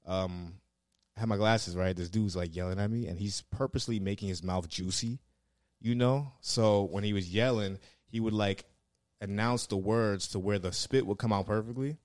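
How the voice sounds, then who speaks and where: A man's voice: fairly low pitch, normal speed, darkish tone, no echo, clean studio sound. A man telling rambling, profanity-laced stories in casual chat, full of fillers. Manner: laid-back, swears a lot, lots of fillers. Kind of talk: casual storytelling.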